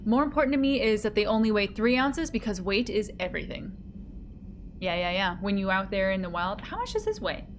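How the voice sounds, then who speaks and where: Giggly, lively woman streamer. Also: mid-range voice, fairly quick, a little hiss or hum. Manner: giggly and playful, reading chat aloud. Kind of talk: casual livestream chat.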